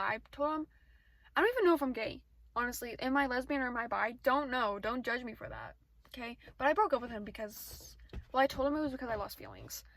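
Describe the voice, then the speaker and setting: A teenage girl vlogging outdoors on her phone, rambling fast and getting easily distracted in casual chat. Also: a little high, a bit bright, rough recording. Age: teens. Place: outdoors, sitting in a parked car area.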